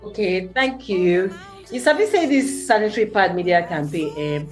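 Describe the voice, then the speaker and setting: A middle-aged woman from Nigeria with a Nigerian Pidgin accent, a studio guest giving a radio interview and telling her story in an animated way, her voice jumping up when she stresses a point. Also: mid-range voice, normal speed, soft background music. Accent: Nigerian Pidgin English.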